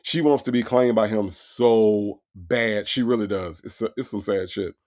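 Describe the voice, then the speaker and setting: A man's voice: on the low side, unhurried, darkish tone. A man hosting a comedic stream, mocking a phone call in disbelief and reading viewer comments aloud. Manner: incredulous, mocking, repeats lines for effect; reads out viewer chat comments. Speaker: host reacting to a jail call.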